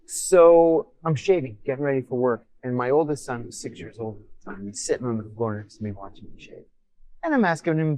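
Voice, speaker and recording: A man's voice: medium pitch, brisk. A middle-aged man, a former intelligence officer, telling a personal story casually in a podcast interview and acting out the voices of others. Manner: animated anecdote, voices others in quotes.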